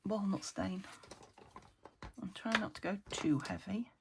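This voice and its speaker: A middle-aged woman from the UK with a croaky voice, hosting a casual crafting video and thinking aloud, often dropping into half-whispers. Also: mid-range voice, a little slow, heavy background noise. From United Kingdom. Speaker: crafting channel host.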